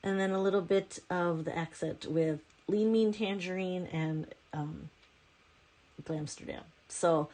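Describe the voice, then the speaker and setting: A woman's voice: lowish voice, fairly even intonation, unhurried, dark tone. A woman chatting casually as a nail art vlogger at home, rambling and correcting herself as she goes. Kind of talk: casual chat.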